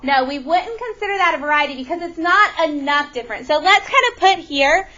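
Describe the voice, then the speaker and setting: A woman teaching a math lesson to a classroom, animated and often questioning her students. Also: high voice, fairly quick, muffled recording.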